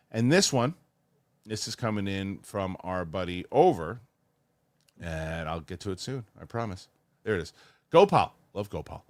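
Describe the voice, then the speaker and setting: A middle-aged man hosting a casual chat show, reading viewer questions, animated and swearing casually. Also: on the low side, dry recording. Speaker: host.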